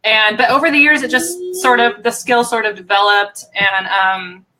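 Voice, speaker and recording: A woman as a guest in a casual live chat, easygoing with ums and some throat clearing. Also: on the high side, normal speed, pushed and bright, faint music behind, low-quality recording. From United States.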